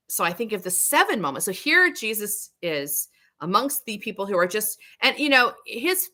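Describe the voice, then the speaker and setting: A woman's voice: mid-range voice, bright, forceful tone. A middle-aged woman hosting a livestream, teaching in an earnest, searching way and often restarting her thoughts. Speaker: livestream host, tarot teacher.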